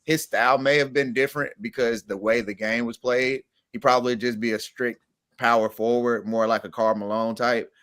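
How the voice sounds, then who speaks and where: A man on a sports talk panel, reasoning in a calm, measured way. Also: medium pitch.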